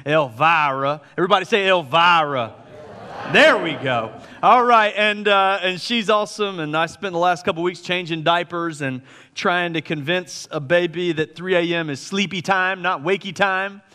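Bright-voiced joking pastor in a hall. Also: male voice, high-pitched, moderate pace. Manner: chatty, joking, self-deprecating. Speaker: lead pastor. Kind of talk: casual sermon announcements. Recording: long hall reverb.

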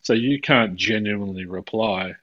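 A man's voice: fairly low pitch, moderate pace, a bit bright, lo-fi sound. A man hosting a podcast over a video call, talking casually and rambling through many restarts. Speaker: podcast host. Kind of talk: casual conversation.

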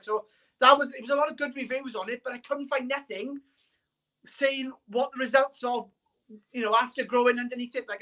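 Welsh male caller, bright sharp tone, casual and hesitant, lots of fillers. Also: extremely high pitch. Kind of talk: casual chat.

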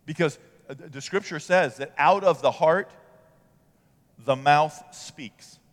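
Pastor guy preaching, kinda high voice, lots of "okay?" check-ins, big echoey church hall. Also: slow pace. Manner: conversational preaching with check-in questions. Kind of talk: sermon.

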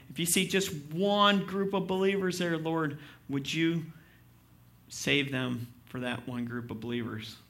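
A man's voice: on the high side, bright, forceful tone. A man preaching a sermon, reading scripture aloud with rising emphasis and breaking into conversational asides and questions to his congregation. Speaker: pastor.

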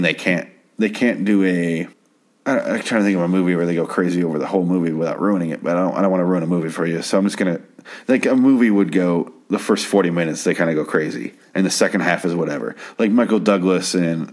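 A man's voice: sits low, fast. A man casually recapping a TV episode at home, rambling and stammering with plenty of swearing. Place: home at night.

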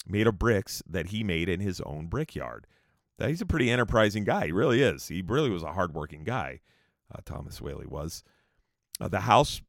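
A man's voice: deep voice, vocal fry, no room sound, clean studio sound. A man hosting a podcast, telling a history story casually, rambling with restarts and asides. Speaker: podcast host.

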